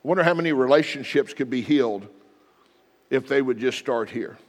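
With a medium-pitched voice at normal speed, this middle-aged pastor delivers a sermon full of long pauses, and a long reverb tail follows his words. He performs brief sample apologies in varied voices, then guides the congregation through practicing them aloud.

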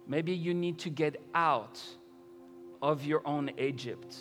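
A man preaching a sermon as pastor, reading scripture and building to loud, impassioned emphasis. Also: a little high, slow pace, long reverb tail, faint music behind.

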